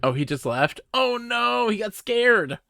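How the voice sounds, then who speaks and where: Guy streaming a game live, talking it through to himself and a buddy, gravelly, pitch bouncing all over. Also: sing-song, unhurried, sharp tone, a little hiss or hum. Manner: thinks aloud while playing, chatty with a co-player. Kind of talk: live gameplay commentary.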